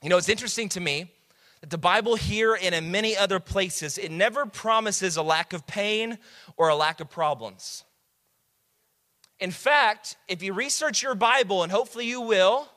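A man in his thirties preaching a sermon, telling stories in a lively way with quick restarts and building to emphatic shouts. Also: high voice, big-room sound. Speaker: pastor.

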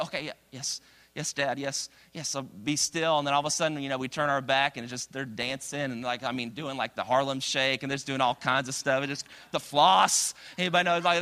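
A young man preaching a sermon, energetic and animated, acting out quotes with big jumps in his voice. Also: a little high. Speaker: pastor.

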